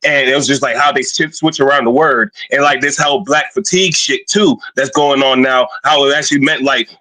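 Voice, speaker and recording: Man, rapid-fire, bright and forceful, animated storytelling, quotes both sides in put-on voices, casual chat. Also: mid-range voice, low-quality recording.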